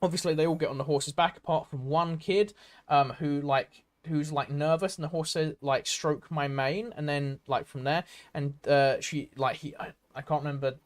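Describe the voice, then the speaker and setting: A man's voice: fairly high pitch, fairly even intonation, normal speed. A British man hosting a casual podcast, telling folklore stories in a rambling, enthusiastic way with lots of fillers. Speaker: podcast host. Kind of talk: casual chat.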